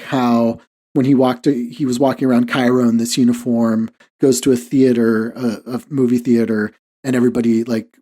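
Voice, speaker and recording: A man's voice: medium pitch, mellow. A man hosting a podcast, telling a story in loose casual chat, full of "like" fillers and small chuckles. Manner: rambling, heavy on "like" fillers, chuckles often. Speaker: podcast host.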